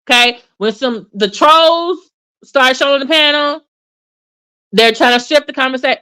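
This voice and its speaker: A woman hosting a casual livestream commentary, chatty and animated, with many fillers and restarts. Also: high voice, moderate pace. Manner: addresses viewers in chat by name. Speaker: commentary channel host.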